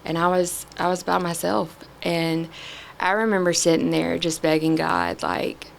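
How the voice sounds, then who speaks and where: A middle-aged woman, a podcast guest, sharing a candid personal testimony in an earnest, halting way with many pauses. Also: on the low side, little pitch movement, gravelly, slight background noise.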